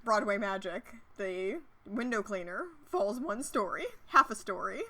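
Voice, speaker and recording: A woman's voice: medium pitch, unhurried, sharp tone. A woman co-hosting a podcast, recapping a cartoon in casual chat with dry, sarcastic quips. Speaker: podcast co-host.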